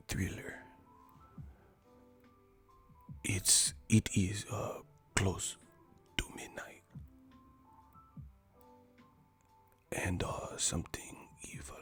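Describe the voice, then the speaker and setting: A man doing a whispered role-play of a soft-spoken, emotionless male boxer in a slow, hushed, halting mumble. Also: sits low, voice pushed down.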